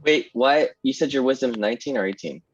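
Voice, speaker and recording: A man's voice: medium pitch, fairly quick, slightly rough. A man playing a tabletop game online, giving rules advice and joking around, laughing easily. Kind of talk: casual banter at the game table. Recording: dull lo-fi online call audio.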